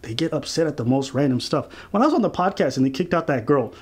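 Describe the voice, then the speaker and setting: A man co-hosting a commentary show, talking casually in a mocking, animated and profane way. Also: a little high, quick pace, breathy edge. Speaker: commentary channel co-host.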